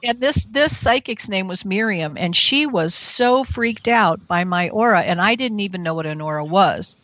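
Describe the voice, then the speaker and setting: A woman's voice: mid-range voice, normal speed, poor audio. A woman in her fifties, a guest on a radio show, telling a story with animation and acting out the people in it. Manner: animated, acts out the voices of people in her stories.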